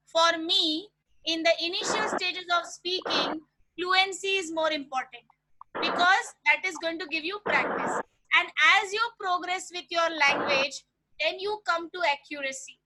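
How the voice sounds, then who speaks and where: High-pitched woman lecturing over a noisy call. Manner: explains slowly, addresses listeners as teachers and participants. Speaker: teacher trainer leading a webinar. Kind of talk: online lecture to teachers. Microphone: video call. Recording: loud background noise on the call.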